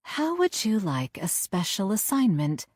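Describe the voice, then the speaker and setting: A woman's voice: mid-range voice, wildly swooping pitch, measured pace, a little mellow, no echo, voice pushed up. A woman voicing a cold, seductive female cartel villain who coaxes and toys with a henchman, in a dry, close audiobook recording. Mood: coaxing. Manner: cool, coaxing, detached.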